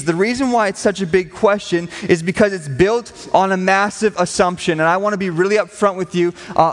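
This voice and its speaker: Earnest preaching man in a reverberant hall. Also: high-pitched. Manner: earnest, emphatic preaching with repeated phrases. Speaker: pastor. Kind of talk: sermon. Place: church hall. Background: congregation.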